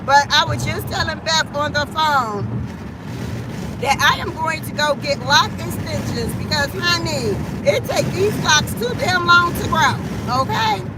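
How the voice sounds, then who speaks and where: Brief: middle-aged woman from Cleveland, Ohio, high voice, salty and talkative livestream host, road and wind noise behind. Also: a little slow. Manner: chatty, profane, laughs often, talks to viewers. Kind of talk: casual livestream chat. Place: inside a moving car. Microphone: phone livestream.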